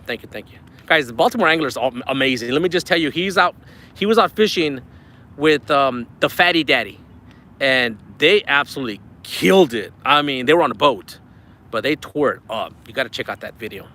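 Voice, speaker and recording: A man's voice: medium pitch, animated, brisk, sharp tone. A man hosting a live fishing stream from a riverbank, chatty, thankful and a bit out of breath. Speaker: fishing livestream host. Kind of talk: live-stream chat reading super chats. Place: outdoors at a riverbank.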